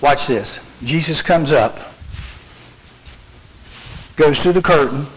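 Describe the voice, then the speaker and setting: Slowly and in a slightly high voice, a man gives a youth sermon, performing scenes live and asking rhetorical questions in a dramatic storytelling style. There's slight background noise on this low-quality recording.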